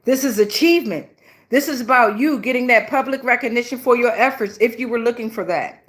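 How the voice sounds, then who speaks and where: A woman's voice: a little high, brisk, a bit bright. Profane, fired-up woman tarot reader. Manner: blunt, profane, emotional, slangy. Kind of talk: casual tarot reading.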